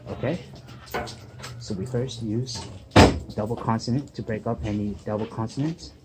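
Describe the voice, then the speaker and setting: A man's voice: on the low side, noisy background. A man, a student teacher, giving a patient one-on-one reading lesson and checking in often. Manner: patient, checks in with "okay?" and "right?". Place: table at the back of a busy classroom. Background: classroom chatter.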